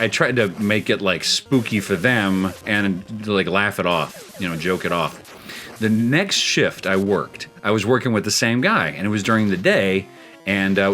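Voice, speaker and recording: A man's voice: on the low side, fairly bright tone. A man hosting a gaming show, telling a spooky story in a rambling, chuckling way with plenty of restarts. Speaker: show host.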